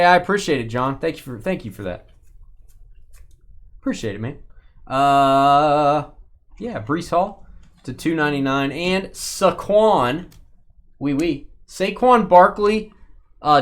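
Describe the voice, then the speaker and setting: Man, card break host, live-stream commentary, playful teasing, very animated pitch. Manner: joking, teasing banter with off-camera crew.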